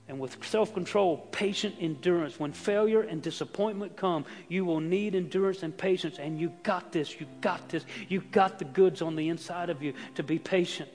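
A man preaching a sermon as pastor, swinging from hushed asides to shouted emphasis. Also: sits high, normal speed, few pauses, in a large hall, soft background music. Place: church sanctuary.

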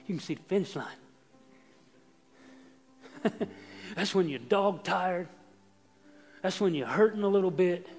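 A man preaching a sermon as pastor, swinging from hushed asides to shouted emphasis. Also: on the high side, big-room sound. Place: church sanctuary.

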